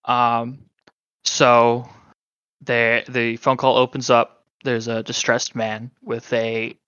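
A man narrating a tabletop game as game master, halting and full of fillers. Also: mid-range voice, monotone, fairly bright tone, clean tone, no echo, highs cut off.

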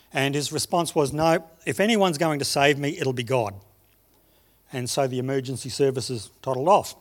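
A man preaching a sermon, telling stories and slowing down on key phrases. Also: fairly high pitch. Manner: storytelling, slows down for emphasis. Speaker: pastor.

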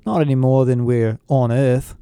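A man's voice: medium pitch, steady tone, moderate pace, warm tone, clean tone, dry recording, clean studio sound, lightly acted. A man voicing a nerdy know-it-all teenage boy with a slightly raised, pedantic tone. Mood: smug.

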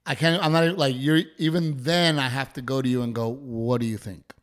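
A man's voice: on the high side, fast, clear, resonant tone. A man co-hosting a podcast, feeling run down and a little ill, who tells long rambling stories in casual chat. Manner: rambling, animated storytelling. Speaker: podcast co-host.

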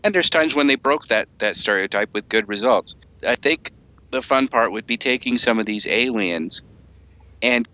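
A man's voice: fairly low pitch, sharp tone, dry recording. A man co-hosting a casual chat about a tabletop roleplaying game, joking and breaking into silly voices.

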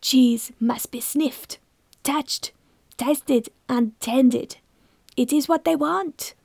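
A woman voicing a slim, grand-mannered Frenchman, talking slowly and lingeringly. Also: high voice, gravelly, darkish tone, husky, no room sound, clean studio sound, heavily acted. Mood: fussy, seductive. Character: suave slim Frenchman, cheese expert, grand temperament.

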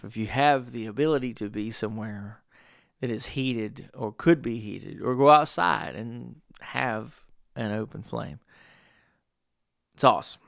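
A man's voice: medium pitch, vocal fry, dry recording, clean studio sound. A middle-aged man hosting a podcast, telling a rambling story in a casual monologue with frequent asides to the listener. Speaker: podcast host.

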